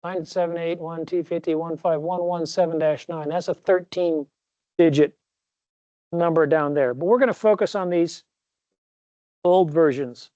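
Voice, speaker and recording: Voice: medium pitch, fairly even intonation, unhurried, mellow, no echo. Rambling professor in a dull recording. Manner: rambling, self-correcting, jokey asides. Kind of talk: recorded classroom lecture.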